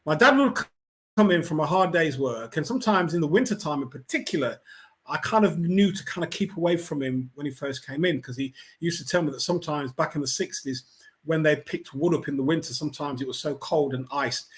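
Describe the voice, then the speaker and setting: A middle-aged man from England gives a reflective talk to his online viewers. His voice sits a little higher than most men's. He speaks in an unhurried, conversational way, full of fillers and restarts. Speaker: host of a weekly online talk. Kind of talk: reflective pastoral talk to camera.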